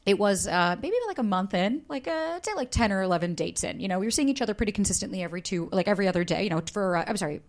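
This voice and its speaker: A woman in a candid podcast interview spins her dating stories with a lot of energy. She acts out every quote, her voice riding up and down as she goes, and drops a casual curse now and then. Her pitch sits in the middle of the female range. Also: rapid-fire, few pauses. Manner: animated storyteller, acts out quotes, swears freely. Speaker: dating coach guest.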